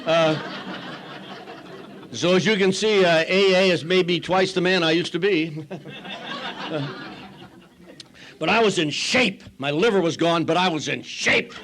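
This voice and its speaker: Older man, AA speaker, slightly high voice, dry self-mocking storyteller who mimics the people he quotes. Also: measured pace, long pauses, a bit bright. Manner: wry, self-mocking humor. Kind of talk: recovery talk storytelling.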